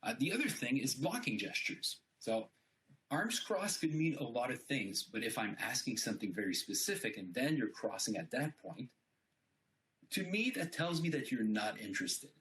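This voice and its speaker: A man's voice: mid-range voice, a bit bright, a little hiss or hum. A man giving an informal talk on speaking and body language, explaining points with frequent fillers. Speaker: conference speaker. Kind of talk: informal presentation.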